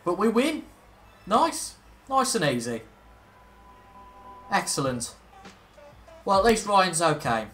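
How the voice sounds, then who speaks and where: A man's voice: high-pitched, big pitch swings, slow, long pauses, a bit bright, faint music behind. A young man casually commentating on a video game, chatty and self-mocking, reacting aloud as he plays. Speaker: gaming video host. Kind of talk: casual let's-play commentary.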